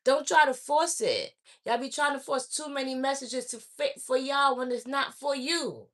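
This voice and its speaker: A woman's voice: high-pitched, normal speed, fairly bright tone. A woman speaking straight to her viewers as an oracle reader, blunt and preachy, scolding them and repeating her points. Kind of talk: direct-to-camera spiritual message.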